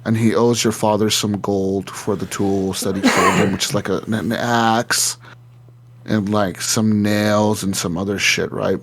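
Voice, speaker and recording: A man's voice: fairly low pitch, a little slow, a little hiss or hum. Swearing man telling a game story. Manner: animated storytelling, heavy swearing, acts out characters' lines. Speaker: podcast co-host. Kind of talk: casual gaming podcast chat.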